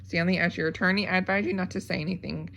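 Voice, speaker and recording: A fierce, brisk lawyer who speaks with forceful indignation, as a woman reading aloud plays her. Her voice is a bit gravelly. It is heard in a storybook reading. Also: on the low side, steady tone, a little hiss or hum.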